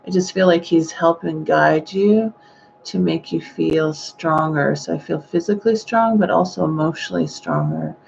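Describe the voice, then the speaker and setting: Woman psychic reading live, soft and halting, a gravelly edge, muffled lo-fi recording. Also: low-pitched, a little hiss or hum. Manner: gentle, hesitant, with sighing exclamations. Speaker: psychic medium.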